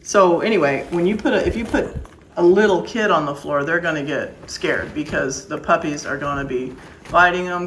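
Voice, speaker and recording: A woman with a lowish voice talks firmly and emphatically about caring for new puppies. Her tone is plain-spoken and strict in a casual vlog. Faint background noise sits under her voice. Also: fairly bright tone, rough recording. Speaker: dog breeder.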